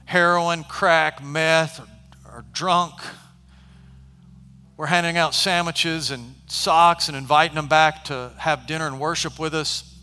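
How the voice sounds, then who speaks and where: A man preaching a sermon, telling stories casually and at times shouting. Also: a little high, slow, soft background music. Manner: animated, shifts from conversational to shouting. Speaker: pastor. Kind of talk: sermon storytelling. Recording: long hall reverb.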